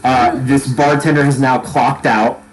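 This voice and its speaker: A man's voice: mid-range voice, fairly even intonation, measured pace, noisy background. A man narrating as game master for a tabletop game, loose and rambling, laughing often. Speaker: dungeon master.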